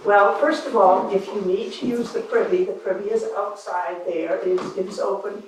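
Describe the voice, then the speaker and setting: A woman's voice: mid-range voice, steady tone, moderate pace, far from the mic, close to an everyday voice. A woman playing a strict 1800s village schoolmistress in a living-history classroom reenactment, prim and scolding with the pupils. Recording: echoey room from afar, noisy.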